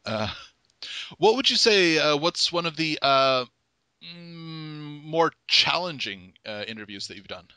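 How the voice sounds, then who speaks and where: An easygoing man hosting a podcast interview over a call, chuckling and acting out little scenes. His tone is very bright and tense, and the recording is dry and close, with no room sound. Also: fairly high pitch, animated, a little slow, clear, resonant tone, dry recording.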